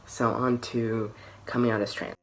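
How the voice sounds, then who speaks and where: A young man vlogging a personal story to the camera, candid and hesitant, often restarting and trailing off into softer phrases. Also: mid-range voice, flat delivery, measured pace.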